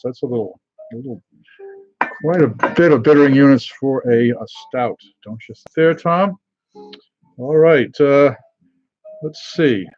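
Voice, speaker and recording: A man's voice: fairly high pitch, a little mellow, muffled recording. Rambling man hosting a beer stream. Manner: rambling and halting, many fillers, greets viewers by name. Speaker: host of a live beer tasting stream. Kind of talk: casual live-stream chat.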